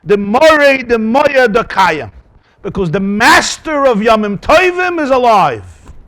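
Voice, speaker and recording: A rabbi teaching a Talmud class, his voice pitched high and swooping all over the place. He keeps asking rhetorical questions and drops in Yiddish and Hebrew terms as he explains. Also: big pitch swings, measured pace, a bit bright.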